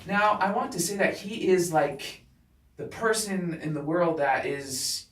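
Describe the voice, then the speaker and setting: A male teacher giving a classroom grammar lesson, talking slowly and deliberately and checking in with students after nearly every point. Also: high voice, a bit bright. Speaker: English teacher. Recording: roomy classroom sound from a distant mic.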